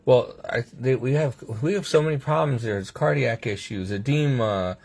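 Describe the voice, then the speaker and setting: A man talking casually to his phone camera from a hospital room, rambling and halting with restarts and nervous laughs. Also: medium pitch, creaky, darkish tone. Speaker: patient sharing his health ordeal. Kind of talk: casual vlog monologue.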